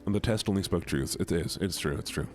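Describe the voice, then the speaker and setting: A man's voice: low-pitched, quick pace, a little mellow, faint music behind. A man streaming a game and chatting casually with his viewers in a playful, rambling way, often repeating words. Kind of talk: casual live-stream chat while gaming.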